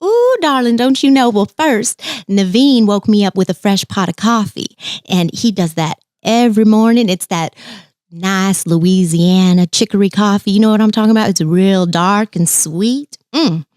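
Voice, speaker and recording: A woman's voice: medium pitch, normal speed, darkish tone, dry recording, studio quality, close to an everyday voice. A woman voicing a cheerful young princess cook in a sweet Southern accent, sing-song and lilting. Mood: sweet, chatty. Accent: Southern US, New Orleans.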